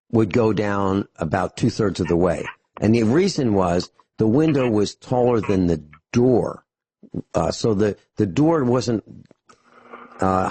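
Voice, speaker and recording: A man's voice: lowish voice, darkish tone, husky, dry recording. A man hosting a talk radio show, telling rambling, anecdotal stories with dry humor into a studio microphone.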